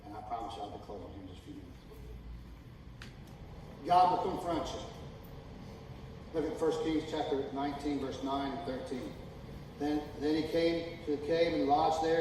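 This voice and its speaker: A man preaching a sermon as pastor, folksy and emphatic, building from calm talk to loud, drawn-out shouting. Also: fairly high pitch. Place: church sanctuary. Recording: echoey hall, distant mic, noisy.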